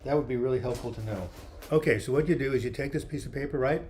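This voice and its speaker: On a casual webcam livestream, a man fields viewer questions, reading their comments out loud and cracking jokes in a chatty way. His mid-range voice is a little mellow and he talks fast, but it's beginning to go. There's slight noise in the background.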